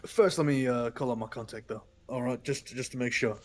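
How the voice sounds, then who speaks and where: A man playing a tabletop game, narrating what his character does in a halting way with many fillers. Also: medium pitch, fairly even intonation. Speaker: player. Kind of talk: tabletop game role-play.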